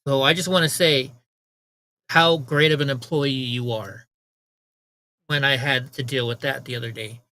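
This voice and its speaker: A man's voice: mid-range voice, steady tone, moderate pace, long pauses, sharp tone, low-quality recording. A man hosting a livestream, telling a long story in casual chat, rambling and repeating words as he acts out what others said. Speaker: livestream host.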